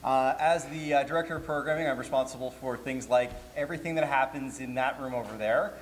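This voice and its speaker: A convention's programming director, a man with a medium-pitched voice and a brisk pace, gives a live audience a joking, chatty panel talk full of laughs. The hall adds reverb over faint room noise.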